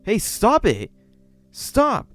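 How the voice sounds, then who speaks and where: Brief: scared young sister, shrill and alarmed, voiced by a man, music faint behind. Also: very animated, unhurried. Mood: terrified. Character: frightened young woman, panicked sister.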